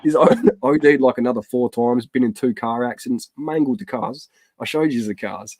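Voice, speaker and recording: A man's voice: medium pitch, normal speed, a little mellow, dry recording. A man, telling stories in a casual, sweary chat and acting out the voices of people he quotes. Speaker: podcast host.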